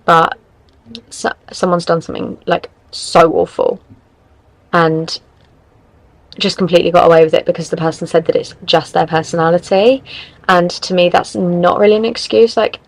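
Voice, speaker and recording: A young woman talks through listener problems in a loose, rambling podcast chat, often stopping to correct herself. Her voice sits fairly low with a gravelly, fried edge. The recording is close and dry. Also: fairly even intonation, moderate pace, dry recording, low-quality recording. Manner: rambling, self-correcting, chatty. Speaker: podcast host. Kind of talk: casual advice chat.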